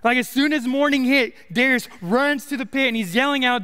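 Young male preacher, smooth and high, in a reverberant church hall. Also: a little fast, few pauses, sharp tone. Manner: casual, joking preaching with many likes and rights. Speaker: college minister. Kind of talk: sermon. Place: church sanctuary.

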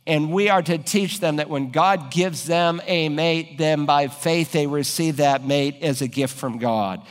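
A man's voice: fairly high pitch, steady tone, unhurried, long reverb tail, soft background music. A man preaching a sermon as pastor, building to emphatic raised peaks.

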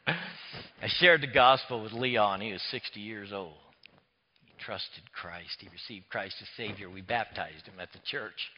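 A man, preaching a sermon as a pastor, swinging between hushed near-whispers and loud emphatic passages. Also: lowish voice, measured pace. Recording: echoey hall, dull lo-fi sound.

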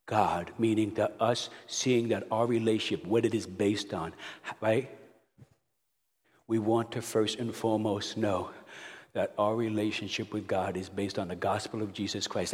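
A man preaching a sermon, animated, telling stories and breaking into loud outbursts. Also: lowish voice, husky. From Brooklyn, New York. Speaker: pastor. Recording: long hall reverb.

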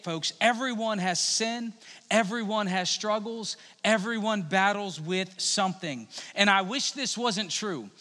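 Preacher, male, bright forceful delivery, conversational with jokes. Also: high voice. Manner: conversational, humorous Bible storytelling. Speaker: pastor. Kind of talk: sermon. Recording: long hall reverb.

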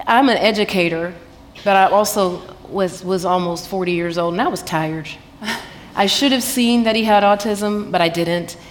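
A woman with a Southern American accent, sharing a heartfelt personal testimony at a church women's event, quoting scripture and laughing easily. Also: on the low side. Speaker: guest sharing her testimony. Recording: reverberant hall, faint background noise.

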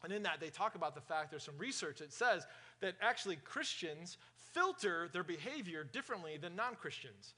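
A man preaching a sermon to his congregation, energetic and often asking the room questions. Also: sits high, normal speed. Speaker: pastor.

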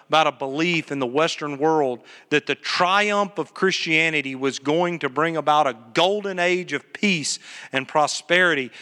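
In a large hall, a man's fairly high, sharp voice comes through a PA microphone as he preaches at a live church service. The pastor earnestly weaves stories into his sermon and asks the congregation questions.

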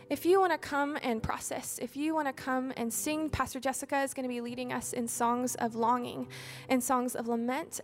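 A female pastor making inviting church announcements, with frequent ums. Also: high-pitched. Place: church sanctuary.

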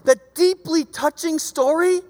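A preacher giving a casual, conversational sermon, lively and acting out the voices of people in the stories. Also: high-pitched, a little slow. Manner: animated, acts out quoted voices. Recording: long reverb of a large hall.

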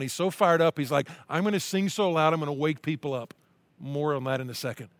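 A man's voice: on the high side, lively intonation, moderate pace, dry recording. A middle-aged male pastor preaching a sermon, reading scripture aloud with earnest emphasis.

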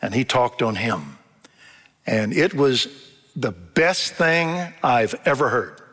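This older pastor's voice is mid-range, expressive and a bit bright, and he takes his time. Preaching in a church sanctuary, he spins folksy stories and acts out what people said, heard through a church hall's long reverb.

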